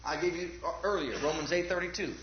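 A man's voice: a little high, fast talker, a little hiss or hum. A man preaching a fervent sermon, firing rhetorical questions at the congregation and calling for amens. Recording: echoey, dull lo-fi church recording.

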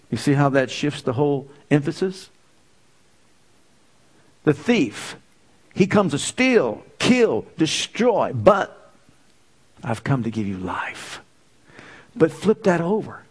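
A man's voice: a little high, darkish tone. A man preaching a sermon as pastor, stressing key words and calling out to the congregation.

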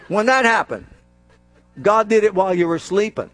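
A man preaching a sermon with a lively, swooping delivery, often joking and acting out little scenes. His voice sits fairly high for a man, and the sound is dry and close. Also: normal speed, long pauses, no room sound. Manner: animated and jokey, acts out scenes.

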